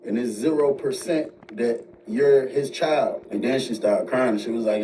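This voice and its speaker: A man's voice: unhurried, few pauses. Man telling a story from afar. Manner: animated retelling, jumps high when quoting others. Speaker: storyteller in played video. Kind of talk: casual storytelling. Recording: distant mic with faint noise.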